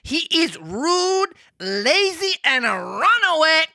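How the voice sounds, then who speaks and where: A podcast reader voicing a stern male talking cricket who scolds slowly and deliberately in a storybook reading. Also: very high voice, big pitch swings, vocal fry, bright, forceful tone, pitched above the performer's own voice, full character voice. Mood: scolding. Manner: slow, drawn-out scolding.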